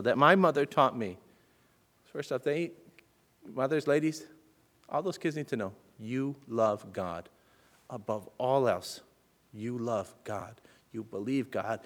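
A man preaching a sermon as a personal story, swinging between loud urgent bursts and hushed, soft passages. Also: medium pitch. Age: adult with children. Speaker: pastor.

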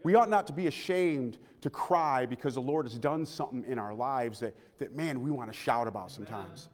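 A man in his thirties preaching a personal sermon in a church, earnest, moving between loud appeals and hushed, quiet passages. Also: medium pitch, a little fast. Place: church sanctuary. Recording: long church hall reverb.

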